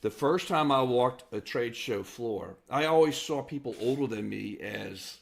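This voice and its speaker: A man hosting a podcast, talking in a reflective, conversational way about his own career. His voice has a gravelly, creaky edge at a middle pitch. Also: expressive, unhurried. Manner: affirming listener, reflective when sharing his own story. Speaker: podcast host. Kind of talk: conversational interview.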